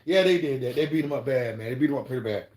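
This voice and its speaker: A man's voice: medium pitch, rapid-fire, a little mellow. A man live-streaming, telling stories in a rambling, profane way and checking in with listeners, in an echoey room. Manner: rambling, profane, keeps asking "you know what I'm saying". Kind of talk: casual storytelling.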